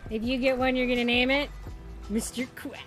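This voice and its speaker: A woman streaming a game, chatting casually with her viewers in a bubbly, excitable way. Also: high voice, fast talker, soft background music. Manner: bubbly, excitable, cheering and laughing. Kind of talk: casual live-stream chat.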